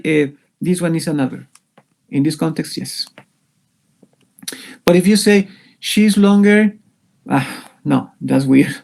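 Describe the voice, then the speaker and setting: A man's voice: a little high, vocal fry, darkish tone. A man teaching an English grammar lesson, explaining patiently with many fillers and restarts.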